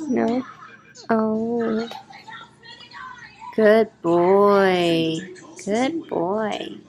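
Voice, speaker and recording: A woman's voice: mid-range voice, moderate pace, creaky. A young woman in her twenties chatting in a casual home vlog, cooing baby talk to her dog. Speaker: vlogger. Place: home, indoors.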